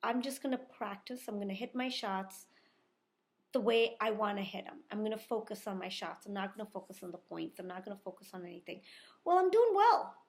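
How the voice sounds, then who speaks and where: A woman's voice: medium pitch, steady tone, fairly quick. A middle-aged woman telling a rambling, self-reflective personal story in a casual vlog, often repeating herself. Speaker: vlogger.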